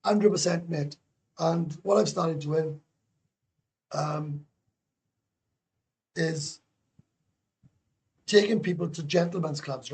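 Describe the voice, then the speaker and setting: A man on a casual livestream call, chatting in an excitable, rambling way and throwing in swear words and tag questions. His voice sits a little high and has a rough, gravelly edge. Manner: keeps adding tag questions. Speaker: guest YouTuber calling into a livestream.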